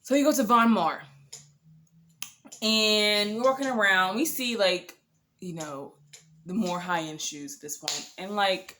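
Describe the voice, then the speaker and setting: A young woman casually telling a dating story to camera, animated and sassy, swearing freely. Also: mid-range voice, moderate pace, slight background noise.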